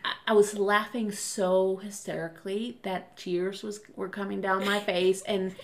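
A woman in her thirties, hosting a casual chat and telling animated family stories while laughing often. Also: mid-range voice, measured pace, a little hiss or hum. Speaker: podcast host.

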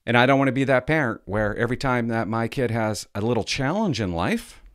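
A father in his thirties rants through a story in a loose, conversational way, tossing out rhetorical questions and the odd swear word. His pitch swings widely, and the sound is dry and close. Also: lively intonation, a little fast, dry recording. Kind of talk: casual chat.

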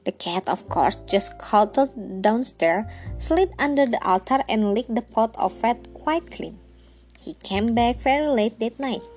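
A woman reading a bedtime story aloud in a gentle, unhurried narrating manner. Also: mid-range voice, soft background music.

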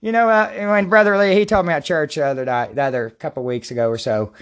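Excitable rambling woman praying aloud. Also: deep voice, fast. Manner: repetitive, excitable, rambling, prone to outbursts. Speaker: self-styled preacher leading prayer and Bible study. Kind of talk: livestreamed prayer and Bible talk. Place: at home.

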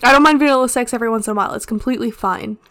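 A chatty woman co-hosting a relaxed, frank chat show. Her voice sits a bit higher than most, and she laughs a lot and curses easily. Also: racing. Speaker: podcast co-host. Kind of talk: casual chat.

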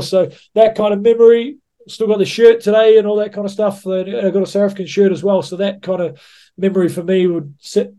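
A man with a high-pitched but dark, mellow voice. He tells anecdotes in a casual, blunt way, with plenty of swearing and "mate" thrown in. He sounds like a rugby coach chatting as a guest on a podcast.

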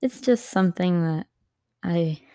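A young woman talks slowly into a laptop mic at home, her low, mellow voice edged with vocal fry. She rambles casually from topic to topic, full of ums and likes. The sound is close and dry. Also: no echo. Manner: rambling, drifting between topics with many fillers. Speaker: podcast host. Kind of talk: casual solo podcast chat.

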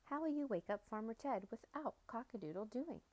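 A woman's voice: on the high side, animated, brisk, a little mellow. Woman voicing fussing storybook hens.

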